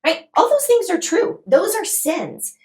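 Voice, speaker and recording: A woman guest, a New Testament scholar, explaining scripture in an emphatic, expressive way and acting out quoted speech. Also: very high-pitched, a little slow, slight background noise, rough recording.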